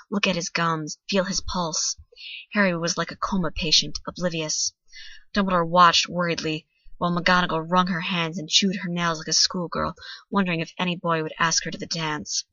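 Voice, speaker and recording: A young woman reads a story aloud with a bright, forceful edge and a slightly low pitch. Her reading turns dramatic as the tension rises. The recording is dry and a little dull, like a close home mic. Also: dry recording. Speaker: fanfiction reader.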